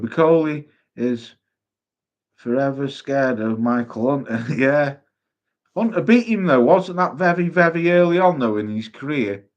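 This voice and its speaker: A man hosting a casual boxing chat stream, sweary and quick to laugh while reading out viewer comments. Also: mid-range voice, highs cut off. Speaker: boxing livestream host.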